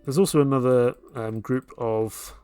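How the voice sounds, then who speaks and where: A clear, resonant mid-range male voice comes through at a measured pace with no echo. He's hosting a let's play, casually commenting and reasoning aloud about his next moves in a relaxed way, over faint game music.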